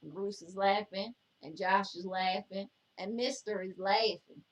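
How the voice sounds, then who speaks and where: A woman reads viewer comments aloud as co-host. She talks in sassy, scolding banter at a medium pitch. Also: steady tone, measured pace. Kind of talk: casual chat.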